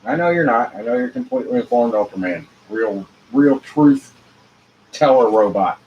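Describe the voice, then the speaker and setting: A man hosting his own show alone, rambling in a free-associating monologue with rhyming wordplay, dropping to mutters and rising to loud outbursts. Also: mid-range voice, expressive, moderate pace, highs cut off, a little hiss or hum. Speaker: show host.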